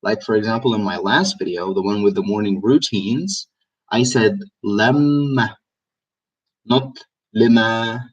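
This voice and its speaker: Male teacher, lowish voice, casual live lesson, mic at a distance. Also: moderate pace, breathy edge, dull audio. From Egypt. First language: Egyptian Arabic. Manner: explanatory, repeats words for emphasis. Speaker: language teacher.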